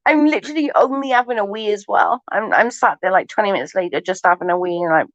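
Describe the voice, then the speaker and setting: A woman's voice: medium pitch, expressive, quick pace, few pauses, fairly bright tone, no echo. A chatty woman hosting a casual livestream, swearing freely and laughing often as she chats with viewers. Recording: dull lo-fi stream audio.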